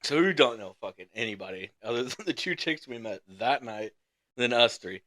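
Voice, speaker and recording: A man's voice: medium pitch, animated, normal speed, sharp tone. A young man in his twenties, a podcast co-host, telling a long casual story, laid-back and profane, laughing as he goes.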